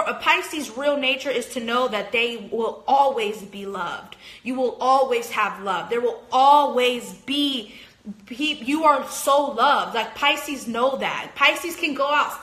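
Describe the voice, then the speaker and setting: A woman's voice: fairly high pitch, bright, forceful tone, roomy sound. A woman astrologer on a phone livestream, ranting passionately and emphatically, swearing and saying "like" a lot. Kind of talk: livestream rant.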